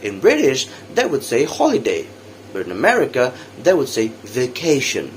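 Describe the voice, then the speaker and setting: A young man with an Indonesian accent, giving a practice English lesson as a student teacher and repeating example words slowly for drilling. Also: medium pitch, wildly swooping pitch, slight background noise.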